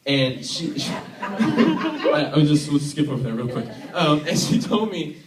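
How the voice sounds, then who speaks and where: A man's voice: fairly high pitch, huge pitch swings, measured pace, crowd noise. A young man from Tennessee giving a casual, joking sermon as a youth worship leader, chatty and self-deprecating. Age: young adult. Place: church hall. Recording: echoey hall, mic from far off.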